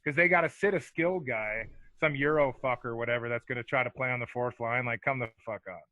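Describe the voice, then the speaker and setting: A former hockey enforcer in his forties talks fast in a sharp, medium-pitched voice as a podcast guest. He tells profane, laid-back stories with plenty of filler words in a casual chat, and the audio is poor.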